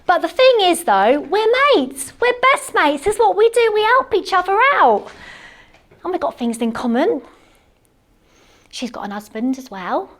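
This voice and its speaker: A woman playing a chatty, cleaning-obsessed housewife in a live one-woman comedy monologue, gushing and excitable, full of rambling asides. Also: a little high, normal speed, pauses often. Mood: gushing chatter. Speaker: stage comedy performer. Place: theatre stage.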